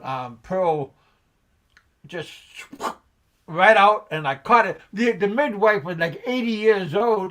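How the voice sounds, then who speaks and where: A man's voice: high voice, a bit bright. A middle-aged man hosting a casual chat, telling a story with many restarts, fillers and laughs. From United States. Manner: halting, many restarts and ums, laughs at own jokes. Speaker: show host.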